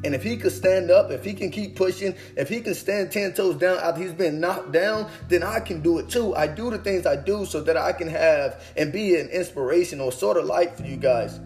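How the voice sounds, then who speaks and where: A man's voice: sits high, normal speed, hardly any pauses. A young man giving an inspirational testimony talk, speaking with an earnest, preaching cadence that repeats phrases. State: emotional, holding back tears. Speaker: motivational speaker. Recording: faint guitar music behind. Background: soft guitar music.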